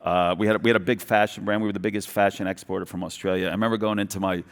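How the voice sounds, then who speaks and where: This is a middle-aged man from New York with a thick Brooklyn accent, speaking at a brisk, rushing clip in a fairly low voice. He tells his story in an animated way, acts out little bits of dialogue and keeps restarting his sentences. The sound carries the long echo of a large conference hall. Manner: animated, quoting others in dialogue, quick restarts. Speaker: guest entrepreneur. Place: large event hall stage.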